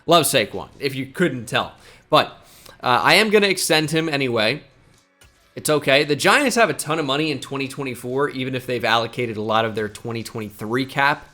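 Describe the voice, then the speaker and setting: A man's voice: medium pitch, animated, a little fast, bright, forceful tone, faint music behind. A man giving casual, chatty commentary while playing a football management game, thinking aloud and joking at his own expense. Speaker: gaming YouTuber.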